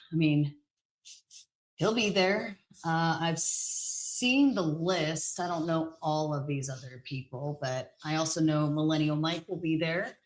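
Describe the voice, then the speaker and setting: A woman's voice: low-pitched, low-quality recording. A woman talking casually in a rambling, teasing way with many fillers. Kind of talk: casual chat.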